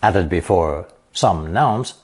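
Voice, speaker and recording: Male teacher, lower voice, unhurried scripted lesson delivery, a bit breathy. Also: lively intonation, a little mellow. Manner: slow, measured explanations with example sentences read aloud. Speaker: language teacher.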